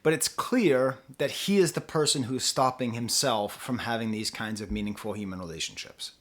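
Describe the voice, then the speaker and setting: A man's voice: mid-range voice, normal speed, fairly bright tone. A young man talking through an album review off the cuff, with rambling asides and self-interruptions. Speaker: music reviewer. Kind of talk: casual unscripted review.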